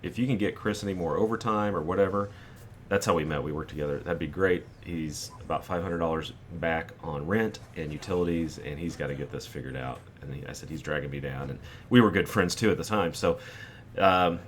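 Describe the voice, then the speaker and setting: A man's voice: low-pitched, fairly quick, a little hiss or hum. A man in his forties hosting a gaming channel, telling a rambling personal anecdote over gameplay and acting out the quotes.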